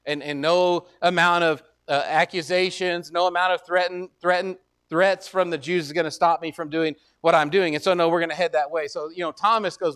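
Guy preaching pretty high-pitched, chatty sermon, retells bible stuff in plain talk, stumbles and restarts a lot. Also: fairly even intonation, fairly bright tone. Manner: conversational preaching, retells scripture in everyday speech, frequent restarts; reads verses aloud in old biblical wording, slow and deliberate. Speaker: pastor.

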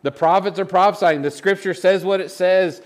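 A man's voice: sits high, steady tone, normal speed. A man, a pastor, teaching a Bible study in an informal, earnest way, reading scripture aloud and often restarting his sentences.

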